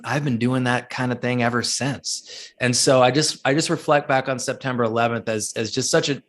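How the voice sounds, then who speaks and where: Guy telling stories in an interview, lively, jumps up high when he quotes people, lots of restarts. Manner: animated storyteller, acts out quoted people, many restarts. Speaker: guest speaker and author. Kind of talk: storytelling interview answers.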